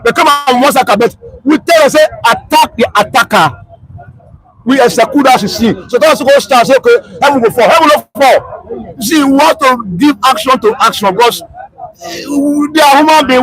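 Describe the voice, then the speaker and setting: A man's voice: high voice, a bit bright, poor audio. A man with a Nigerian Pidgin-tinged English accent, speaking passionately and repetitively in a street interview. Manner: impassioned, repetitive, emotional. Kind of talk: street vox pop. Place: outdoor street.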